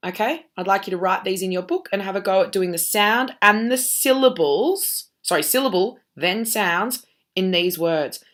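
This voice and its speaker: A woman's voice: medium pitch, moderate pace. A woman teacher giving a recorded lesson, walking students through a task patiently and checking in with "okay?" after each step.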